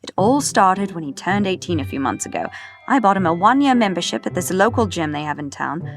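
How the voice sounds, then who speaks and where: A jovial older man ribs the young fellow in a folksy, boastful drawl, as a woman narrator puts him on. The voice sits on the low side, with faint music behind the reading. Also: expressive, a little fast. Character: jovial teasing older male farmer. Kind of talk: audiobook character voice.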